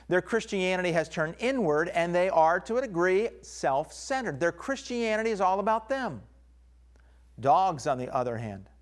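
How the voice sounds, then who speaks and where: Emphatic male Bible teacher. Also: fairly high pitch. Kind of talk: recorded lesson.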